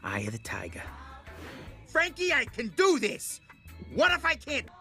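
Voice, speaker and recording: A man voicing a cocky, nervous male fish who talks fast and jokes in animated film dialogue. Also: very high-pitched, creaky, faint music behind, full character voice. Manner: nervous, quick and jokey.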